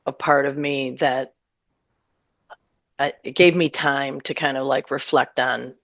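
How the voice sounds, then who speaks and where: A middle-aged woman talks through her music career in a rambling, friendly way, often laughing between thoughts. Her voice has a gravelly, creaky texture. The sound is dry and close, with no room echo. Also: extremely low pitch, fairly even intonation, a little slow. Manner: chatty and warm, laughs often, rambles with fillers. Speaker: singer-songwriter guest. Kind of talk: casual interview chat.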